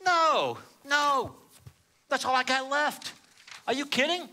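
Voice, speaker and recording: Man putting on a brash high-pitched gangster. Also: slow pace, full character voice. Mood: defiant. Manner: brash, incredulous, shouting. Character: defiant tough-guy gangster facing execution.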